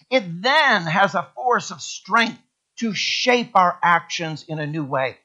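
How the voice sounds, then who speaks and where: A male pastor preaching a sermon in a church, emphatic and repeating key words with sweeping rises in pitch. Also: expressive, unhurried, bright, forceful tone. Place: church sanctuary.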